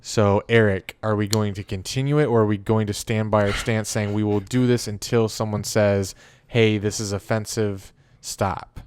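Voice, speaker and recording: Smooth-voiced laid-back podcast host. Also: male voice, lowish voice, steady tone, normal speed, few pauses, a little mellow. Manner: hesitant, many ums, laid-back. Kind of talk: casual chat.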